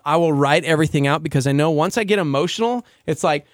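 A man's voice: on the high side, no room sound, studio quality. Earnest, emotional male radio co-host. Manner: emotional, earnest, quick to laugh. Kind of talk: casual radio chat. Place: radio studio. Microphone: studio microphone.

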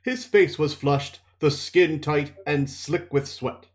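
A man's voice: on the high side, slow, roomy sound. A man hosting a podcast, casually recapping a chapter and then reading it aloud. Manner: relaxed, thinking aloud with restarts. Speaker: podcast host and reader.

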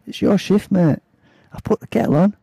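Give it as a man doing an urgent crewmate calling out in the night, pitched high above the teller's own voice, raspy and gravelly, dry and close to the mic. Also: normal speed, warm tone, no echo, heavily acted. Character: male crewmate rousing a sleeper for night watch.

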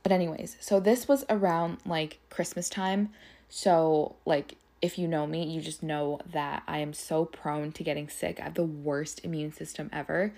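A young woman with a slightly low voice hosts her podcast, telling her story casually to her listeners. She talks in a loose, gossipy flow, swears freely and leans on "like" in nearly every sentence. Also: steady tone, moderate pace, vocal fry, dark tone. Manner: chatty and profane, heavy use of "like". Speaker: podcast host.

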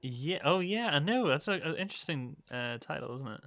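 Bright-voiced man reading quiz questions. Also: fairly high pitch, expressive, a little fast, no room sound, clean studio sound. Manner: reads questions and options with a playful lilt. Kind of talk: casual quiz podcast chat.

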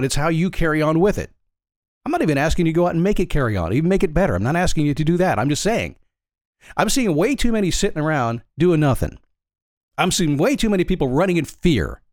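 A man's voice: a little high, a little mellow, no room sound, studio quality. A man giving a blunt, emphatic motivational monologue in a folksy, preaching way. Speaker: motivational speaker.

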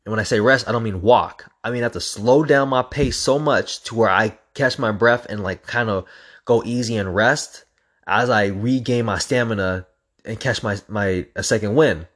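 Animated low-voiced young man telling a story. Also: normal speed. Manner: animated, profane, acts out sounds. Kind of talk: casual storytelling.

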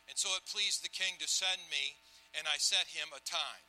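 A man preaching a sermon in church, shifting between loud, animated preaching and quiet storytelling. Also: on the high side, moderate pace, low-quality recording. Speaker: pastor.

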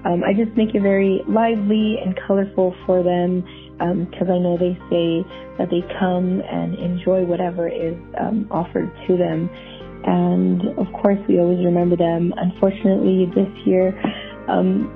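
A woman's voice: on the low side, level tone, gravelly, faint music behind. Hesitant woman on a tinny phone line. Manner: hesitant, many filler pauses. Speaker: caller. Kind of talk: phoned-in voice message.

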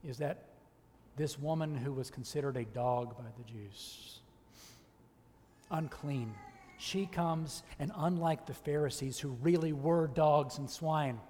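A man preaching a sermon as a church elder, impassioned and emphatic, rising to loud peaks and dropping low. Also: long reverb tail, slight background noise.

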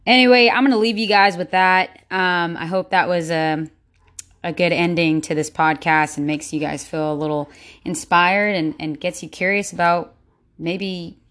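A woman's voice: fairly low pitch, steady tone, moderate pace, fairly bright tone. A woman hosting her own solo podcast in a casual, rambling way, with many fillers and restarts. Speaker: podcast host.

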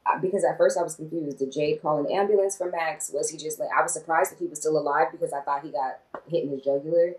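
A woman's voice: low voice, fairly even intonation, fast, hardly any pauses, a little mellow, recorded from a distance, rough recording. A woman co-hosting a casual movie review podcast, talking animatedly and swearing, quoting herself and others. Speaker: podcast co-host.

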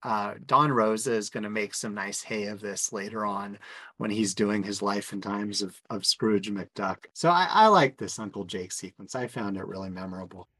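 A man's voice: lowish voice, moderate pace, bright, forceful tone, dry recording, poor audio. A man hosting a casual chat, retelling a comic story with enthusiasm and asking his co-hosts for their takes. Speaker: podcast host.

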